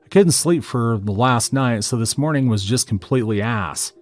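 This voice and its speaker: A man reading out a first-person story as a narrator, in a steady, matter-of-fact way. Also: mid-range voice, moderate pace, no echo, faint music behind.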